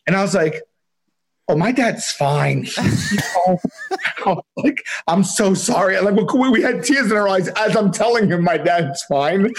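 A man in his forties, a podcast guest, telling a story in a rambling, animated way, with many restarts and laughs. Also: high voice. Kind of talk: casual storytelling.

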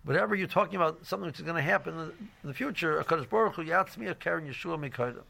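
Gravelly man giving a rambling Torah class. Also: fairly high pitch, very fast, bright, forceful tone. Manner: rambling, full of "you know" and restarts; mixes Hebrew and Yiddish terms into English. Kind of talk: informal religious lecture.

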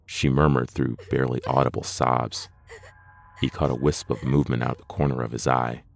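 A man narrating a horror story in a measured, deliberate scripted reading. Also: rumbling low, level tone, gravelly.

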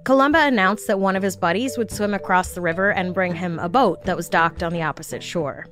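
A woman's voice: on the low side, a little fast, a bit bright, soft background music. A woman hosting a podcast, narrating a scripted story with wry, jokey asides. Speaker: podcast host.

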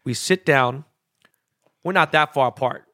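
A man, a jeweler and interview guest, telling stories in a slangy, animated way full of quoted dialogue. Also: mid-range voice, measured pace, dry recording, studio quality. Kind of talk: casual storytelling interview.

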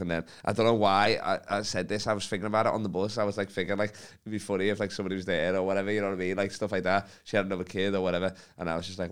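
A man's voice: sits low, steady tone, very fast, few pauses, fairly bright tone, smooth. A young man telling a long story in casual podcast chat, rambling and sweary with lots of fillers, on a faulty microphone. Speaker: comedian guest.

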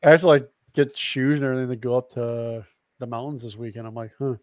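A man co-hosts a casual sports podcast, cracking jokes in a relaxed way. His voice sits at an ordinary middle pitch, and the recording is dry and close. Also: fast talker, dry recording. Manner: joking, laid-back. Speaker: podcast co-host.

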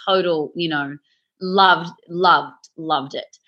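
Chatty Australian actress guest. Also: female voice, low-pitched, fairly even intonation, slow, highs cut off. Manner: chatty, enthusiastic. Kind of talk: casual interview chat.

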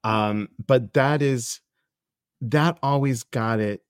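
A middle-aged podcast host and life coach chats casually with a guest, speaking slowly at medium pitch in a clean studio recording with no room sound. He tells stories earnestly and animatedly, acting out other people's lines.

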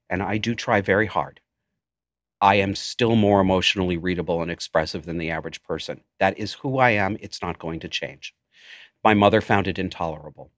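A man's voice: on the low side, a bit bright, no room sound, studio quality. A man in his forties, a podcast guest, speaking intensely and emotionally about his life. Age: 40s. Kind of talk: personal storytelling in interview.

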